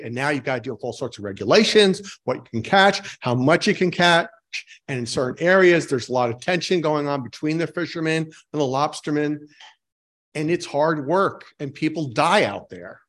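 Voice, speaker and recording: A man preaching a sermon in a relaxed, conversational way, asking his congregation questions and poking fun at himself. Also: on the high side, normal speed. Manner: informal, asks the congregation questions, self-mocking jokes. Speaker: pastor.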